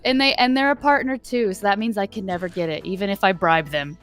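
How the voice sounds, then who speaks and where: A woman's voice: medium pitch, quick pace, fairly bright tone, clean tone. Young woman rambling on a stream call, giggly, faint music under it. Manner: chatty, laughs often, many restarts. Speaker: guest streamer. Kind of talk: casual chat.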